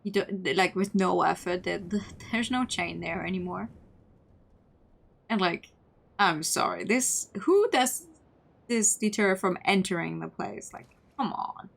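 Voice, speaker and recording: A woman's voice: on the low side, unhurried, creaky. Giggly sarcastic young woman streamer. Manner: sarcastic, giggly, says "like" often. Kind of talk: casual let's play commentary.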